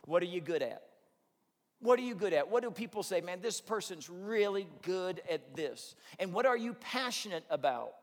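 High-voiced pastor preaching in a reverberant hall. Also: male voice, normal speed. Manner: animated storytelling, acts out both sides of dialogues. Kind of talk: sermon. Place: church sanctuary.

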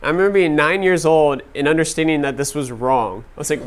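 Smooth-voiced man telling stories in class. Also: fairly high pitch, brisk, few pauses. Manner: casual, many "like" fillers, laughing at own stories. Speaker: class teacher. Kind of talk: storytelling talk to a class.

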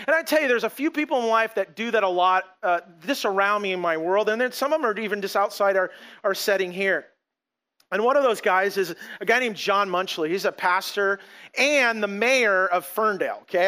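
A middle-aged man preaching a sermon as pastor, in a lively, conversational way, acting out quotes as he goes. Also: high-pitched.

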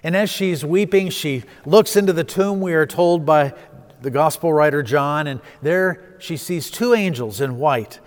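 Male pastor, storytelling sermon, slightly high voice, long hall reverb. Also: a little slow. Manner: storytelling preacher, swelling with emphasis then dropping soft.

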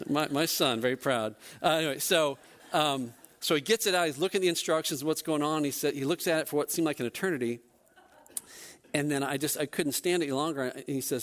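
A man, a church elder, telling a personal story during a service in a self-deprecating, animated way. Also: fairly high pitch, fairly quick.

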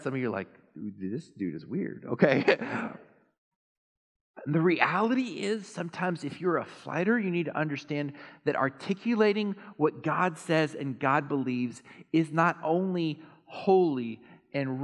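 A man preaching a sermon as pastor, animated and self-deprecating, swinging between quiet asides and loud emphasis. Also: fairly high pitch, normal speed. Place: church sanctuary. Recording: long reverb of a church hall.

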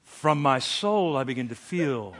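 A middle-aged man preaching a sermon, telling a story with big swings from hushed asides to shouted lines. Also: mid-range voice, lively intonation, unhurried. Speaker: pastor.

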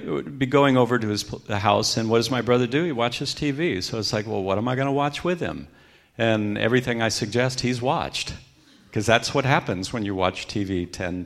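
Guest speaker, middle-aged man, low gravelly voice, reflective testimony delivery. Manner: reflective storytelling, quoting others in hushed tones. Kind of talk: personal testimony talk.

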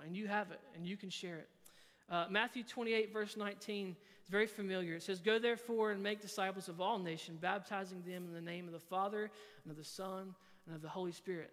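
High-voiced man preaching in a reverberant church. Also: a bit bright. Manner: earnest, quotes scripture, frequent fillers. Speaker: youth pastor. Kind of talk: sermon. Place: church sanctuary.

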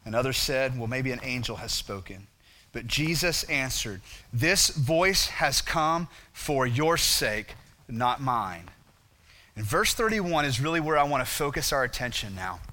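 Bright-voiced man preaching a lively sermon. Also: fairly high pitch. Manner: animated preaching with rhetorical questions. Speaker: pastor.

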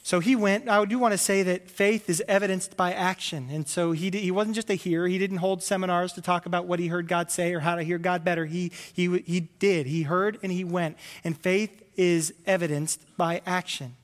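A man preaching a sermon as a pastor, animated and acting out comic voices, a father of several kids. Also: high voice, moderate pace, hardly any pauses, in a large hall. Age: adult with children. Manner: animated, acts out voices with loud comic bursts.

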